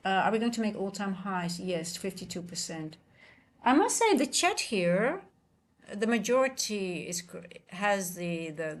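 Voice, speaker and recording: A Dutch woman from the Netherlands, with a Dutch accent and a voice on the low side, talks casually on a live futures trading stream. She answers chat and often corrects herself.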